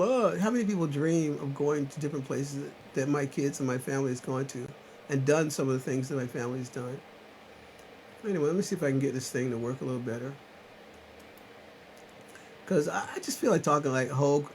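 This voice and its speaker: A man from South Carolina hosting a live chat at his home computer, rambling and preaching, swinging from loud insistence to muttered asides. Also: medium pitch, fairly quick, pauses often, a little hiss or hum, low-quality recording. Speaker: channel host on a live chat. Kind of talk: rambling preachy livestream talk. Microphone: computer webcam mic.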